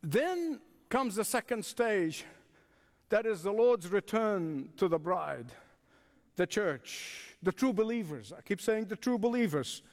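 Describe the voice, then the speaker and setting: A man's voice: high-pitched, very animated, slow, big-room sound. A man preaching a sermon with emphatic repetition, chuckling, and inviting the congregation to respond. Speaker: pastor.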